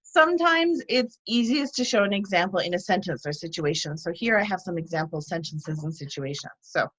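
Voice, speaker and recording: A woman instructor giving a demo lesson on teaching vocabulary, explaining each step clearly and patiently. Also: on the low side, lively intonation, fairly quick, fairly bright tone, muffled recording. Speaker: TESOL instructor.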